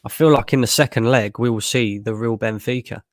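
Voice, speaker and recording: A man's voice: mid-range voice, brisk, dry recording, clean studio sound. A man streaming a live match watchalong, tired after a long work shift and bluntly frustrated, swearing freely. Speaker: fan channel streamer.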